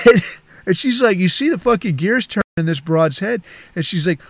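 A male podcast host spins a long, crude yarn with lots of swearing, tangents and chuckles. His voice sits a bit on the higher side for a man. It is recorded dry and close on a podcast mic. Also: lively intonation, normal speed, no room sound. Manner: profane, rambling, chuckling. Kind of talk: crude casual storytelling.

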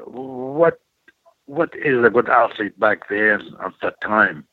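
Older guy from iraq spinning a lively story, tinny phone-ish sound, dry. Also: lowish voice, slow, no echo. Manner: animated storyteller, acts out quoted voices, broken English. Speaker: guest, former wrestler. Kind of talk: storytelling in an interview.

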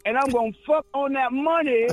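A man's voice: extremely high pitch, fairly quick. A man co-hosting a comedy show, talking in a rowdy, boastful and profane way. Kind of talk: casual comedic chat.

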